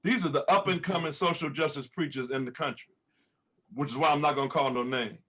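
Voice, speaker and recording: A man's voice: on the high side, a little fast, bright, forceful tone, breathy edge. A man who is a pastor, speaking fervently on a panel, laughing often and repeating words when stirred. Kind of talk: impassioned panel testimony.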